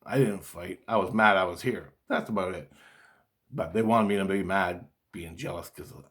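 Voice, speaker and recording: A man's voice: sits low, moderate pace, fairly bright tone. A man in a rambling personal monologue, agitated and swearing constantly as he talks. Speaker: vlogger.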